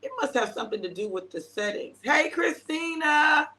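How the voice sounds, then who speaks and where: A woman's voice: mid-range voice, quick pace, fairly bright tone. A woman hosting a casual livestream, chatty and emotional, greeting viewers by name. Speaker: prophetic minister hosting a livestream.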